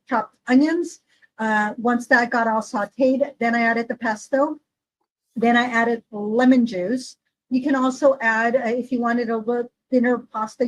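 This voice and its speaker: A woman's voice: a little high, slight background noise, rough recording. A woman co-hosting a podcast in casual chat, rambling with many fillers. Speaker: podcast co-host.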